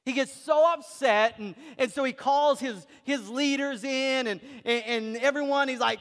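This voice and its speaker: A man's voice: extremely high pitch, measured pace, hardly any pauses, fairly bright tone. Man, pastor, sermon storytelling, repeats and restarts, reverberant church hall. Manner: storytelling with frequent repetitions and restarts.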